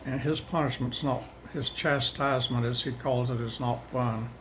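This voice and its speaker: A man's voice: mid-range voice, fairly even intonation, a bit bright, slight background noise, rough recording. Older man, drawl, rambling. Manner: folksy, plain-spoken, says y'all; rambling, halting, restarts often. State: out of breath. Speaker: host of daily Bible readings. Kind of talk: casual chat to viewers.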